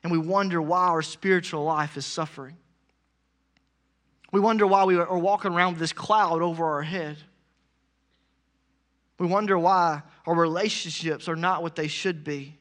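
A man preaching a sermon, talking casually with fillers and building to loud, urgent exhortation. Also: on the high side, fairly even intonation, normal speed, pauses often.

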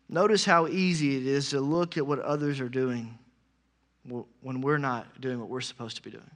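A man preaching a sermon, talking casually with fillers and building to loud, urgent exhortation. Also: mid-range voice, fairly even intonation, moderate pace.

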